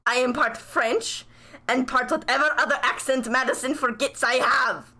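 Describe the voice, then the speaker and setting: A woman's voice: high voice, fairly even intonation, normal speed, bright, forceful tone, exaggerated voice. A woman doing a vain, sassy meatball mascot. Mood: boastful. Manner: boastful, indignant, grandly self-admiring.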